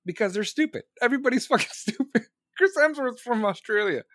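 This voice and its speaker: A man's voice: very high voice, animated, a little fast, a bit bright, no echo. A man hosting a live stream, talking in a rambling, crude and sarcastic way and reading viewer comments aloud. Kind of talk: casual profane rant.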